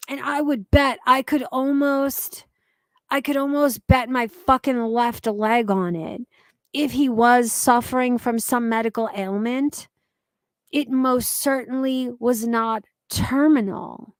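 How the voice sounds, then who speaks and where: A young adult woman hosts a casual commentary stream, reading out viewer comments and answering them in a blunt, profane way. Her voice sits high, with no echo in the recording.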